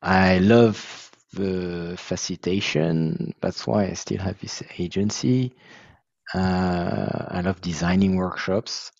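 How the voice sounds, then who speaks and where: A man from France with a French accent, explaining his software in a casual video call, halting and searching for English words. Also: low voice, gravelly, dry recording, dull audio. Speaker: software founder presenting his tool.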